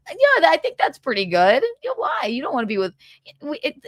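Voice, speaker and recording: Woman, gossip stream host, animated pitch, dry close sound, tired but chatty. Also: normal speed, dry recording. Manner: chatty, giggly, tired asides. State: exhausted. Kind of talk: casual chat.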